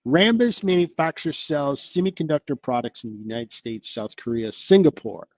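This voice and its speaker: Man, live-stream host, casual and upbeat, rambling fillers, mid-pitched, dry close sound. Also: normal speed, a little mellow, dry recording, dull audio. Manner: chatty, upbeat, thinks aloud with many fillers. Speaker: investing channel host.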